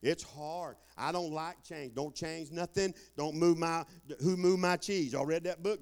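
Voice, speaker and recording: An older man preaching a folksy sermon, calling out for amens and swinging between loud bursts and quiet asides. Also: a little high, measured pace, hardly any pauses, clean tone. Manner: folksy Southern preaching, calls for amen, swings loud and soft.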